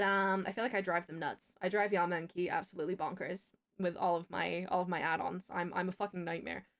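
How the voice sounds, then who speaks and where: A young woman streamer with a mid-range voice tells a story in casual chat. She's animated and profane, laughing and stumbling over her words as she goes.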